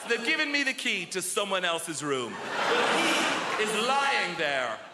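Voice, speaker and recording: A man performing a stand-up routine, telling quick stories and acting out the quotes. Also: sits high, big pitch swings, very noisy. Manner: brisk storytelling with acted-out quotes and asides. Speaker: stand-up comedian. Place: large theatre stage. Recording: echoey theatre with loud crowd laughter.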